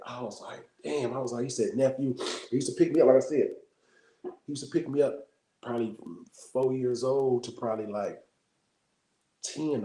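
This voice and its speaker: Bay man, fast mellow delivery, casual livestream storyteller, keeps checking in with listeners, echoey room. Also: mid-range voice. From Bay Area, California. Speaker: livestream host.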